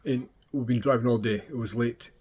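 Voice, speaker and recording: A man's voice: mid-range voice, steady tone, fairly quick, darkish tone. A middle-aged Scottish man telling casual, swearing anecdotes and acting out the dialogue. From Scotland. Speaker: vlogger. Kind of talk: casual storytelling.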